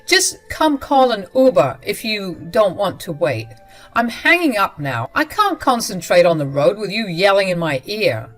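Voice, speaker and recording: A woman's voice: medium pitch, sing-song, moderate pace, fairly bright tone, faint music behind. A woman voicing a dismissive, defensive husband who brushes off his wife's worries in a story narration. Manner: brushing off, curt.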